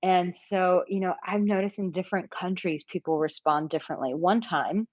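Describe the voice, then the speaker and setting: A woman's voice: on the low side, moderate pace, darkish tone, no echo, lo-fi sound. An American woman who coaches men on dating, chatting casually on a live-stream Q&A with lots of filler words. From United States. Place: home, living in Portugal.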